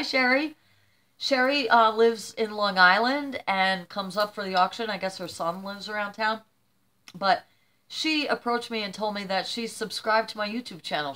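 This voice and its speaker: An older woman chatting casually to camera as a vlogger, rambling warmly through shout-outs and tearing up as she talks. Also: medium pitch. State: teary.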